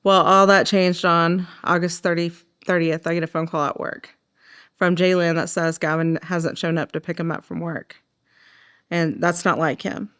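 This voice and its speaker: Middle-aged Oklahoma mother, documentary interview, lower smooth voice, halting and emotional. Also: level tone, fairly bright tone. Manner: emotional, halting, with frequent fillers. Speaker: mother of the deceased.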